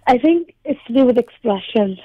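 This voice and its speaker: Calling in to a radio interview, this young Liverpool woman, a Scouse-accented poet and spoken word artist, sounds animated and slightly high-pitched at a normal speed. She hesitates a lot, saying um often, over a thin, dry phone connection.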